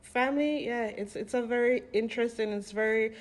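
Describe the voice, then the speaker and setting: A woman on a podcast, telling personal stories in a casual, animated way and acting out what people said. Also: on the high side, brisk. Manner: animated storytelling, acting out quoted voices with laughs. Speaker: podcast co-host.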